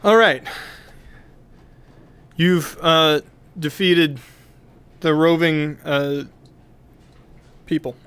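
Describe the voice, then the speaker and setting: A relaxed man guides a tabletop game, taking his time over each word. His voice sits a little high, and he keeps a loose, joking tone. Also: extremely slow, pauses often, clean tone. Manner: laid-back, joking, laughs often. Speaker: game master.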